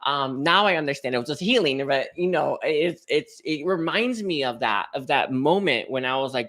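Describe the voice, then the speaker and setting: A man's voice: medium pitch, lively intonation, normal speed, hardly any pauses, fairly bright tone. A man giving a casual, rambling spiritual reading, chatting to viewers with lots of fillers and restarts. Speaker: spiritual card reader.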